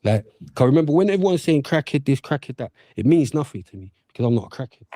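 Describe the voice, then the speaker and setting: Defiant man with a mellow, dry voice. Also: medium pitch, big pitch swings, fast, no room sound. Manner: keeps asking "do you get what I'm saying", defiant. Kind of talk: casual response video.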